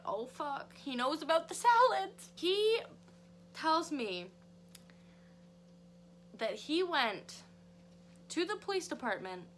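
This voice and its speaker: A woman vlogger telling a story in a casual, animated way, swearing freely and acting out her reactions. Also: mid-range voice, slight background noise. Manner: profane, animated, dramatic.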